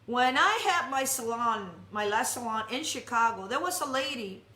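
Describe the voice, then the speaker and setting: A woman giving a sermon to a congregation, telling stories in an animated, jokey way, often restarting her sentences. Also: fairly high pitch, moderate pace. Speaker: speaker at a congregation. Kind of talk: storytelling sermon. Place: worship hall. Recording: echoey hall.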